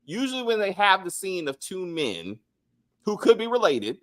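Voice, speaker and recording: Lively high-voiced man chatting. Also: moderate pace. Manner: animated, acts out lines from scenes in put-on voices. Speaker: co-host reviewing a TV show. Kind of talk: casual chat.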